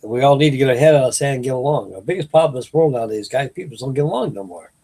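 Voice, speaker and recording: A man's voice: medium pitch, expressive, racing, dark tone, slightly rough. An older man, rambling folksily as host of a late-night live chat with his viewers. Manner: folksy, meandering, restarts sentences. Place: home at night.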